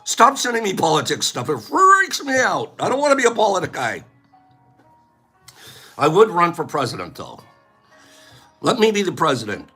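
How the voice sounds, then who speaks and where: Animated, bright-voiced man ranting jokily. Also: high-pitched, moderate pace, long pauses, breathy edge, faint music behind. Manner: rambling, joking rants. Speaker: livestream host giving away plates. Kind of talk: casual livestream chat.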